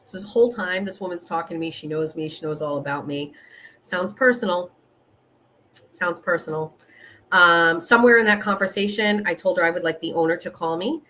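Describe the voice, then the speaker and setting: A woman's voice: fairly low pitch, fast talker, few pauses, slight background noise. A middle-aged woman hosting her own show, telling a story in a casual monologue and acting out both sides of a frustrating phone call. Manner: animated, reenacts phone calls, rising frustration. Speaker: show host.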